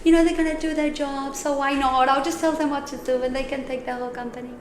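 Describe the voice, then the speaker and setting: A fairly high-voiced woman hosting her own storytelling podcast, candid and rambling, full of fillers and blunt swearing. The room around her is echoey and reverberant. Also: fairly even intonation, quick pace, a little hiss or hum. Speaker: podcast host. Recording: roomy echo.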